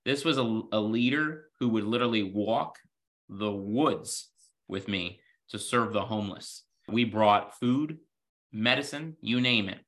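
A man's voice: fairly low pitch, a little slow, a bit bright. A man guest on a podcast interview, telling earnest stories about his career and often saying "you know". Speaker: podcast guest, healthcare executive. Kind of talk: reflective interview storytelling.

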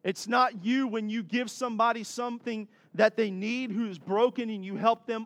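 A man with a high, bright-edged voice delivers a sermon in a lively storytelling manner, turning to talk straight to his listeners. The sound is close and dry, with no room around it. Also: moderate pace, few pauses, dry recording. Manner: animated storytelling, addresses the crowd directly. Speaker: pastor.

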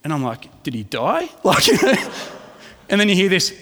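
A man's voice: sits high, big pitch swings, moderate pace, pushed and bright. A middle-aged man preaching a sermon, chatty and self-deprecating in his stories and earnest in his teaching. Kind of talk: sermon with personal anecdote. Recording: long reverb in a hall.

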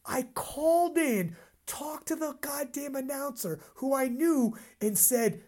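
A woman hosting a casual chat, telling a story in an animated way, swearing freely and acting out her own reactions. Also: high-pitched, measured pace. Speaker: podcast host and powerlifting commentator.

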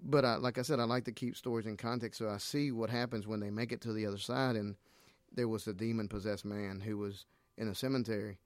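A man's voice: lowish voice, steady tone, fast, dry recording. A middle-aged man from Nicaragua, a missionary guest, talking earnestly about his faith and retelling scripture stories with animation. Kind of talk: casual faith conversation.

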